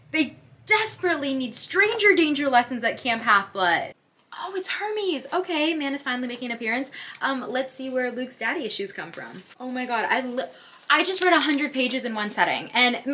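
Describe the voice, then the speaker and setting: A young woman reacting to a novel as she reads it in a casual vlog, animated and excitable, switching between gasps and thoughtful musing. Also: high voice, a little hiss or hum. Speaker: book vlogger.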